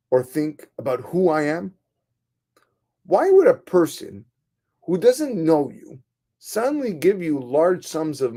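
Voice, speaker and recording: A man voicing a mysterious old stranger who is secretly the devil, speaking calmly and cryptically in a told sermon story. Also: a little high, pitched above the performer's own voice, heavily acted.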